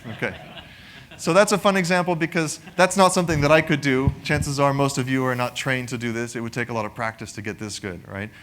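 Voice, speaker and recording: A man walks an audience through a technical product demo in a relaxed, conversational way. His voice sits at a mid pitch, and he often checks in with "right?". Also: a little fast, slight background noise. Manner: conversational, frequent "right?" tag questions. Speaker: presenter.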